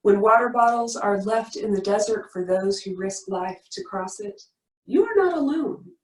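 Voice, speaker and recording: A woman leading a worship service, reading a story aloud and then praying, in an earnest, gently emphatic way with repeated refrains. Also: mid-range voice, steady tone, moderate pace. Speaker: worship leader. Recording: roomy sound from a distance.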